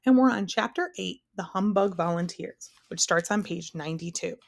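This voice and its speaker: A woman, a teacher, reading a children's novel aloud in a clear, steady storytelling voice. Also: lowish voice, moderate pace. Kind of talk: storybook read-aloud narration.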